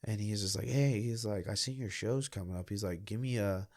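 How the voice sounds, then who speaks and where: Rambling young man, low voice. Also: brisk. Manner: rambling, animated storytelling, swears often. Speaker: podcast guest and stand-up comic. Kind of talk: casual podcast chat.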